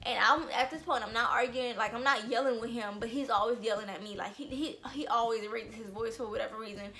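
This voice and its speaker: Bright-voiced young woman, blunt storyteller. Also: fairly high pitch, quick pace. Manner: animated, blunt, heavy swearing. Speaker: vlogger. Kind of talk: storytime vlog.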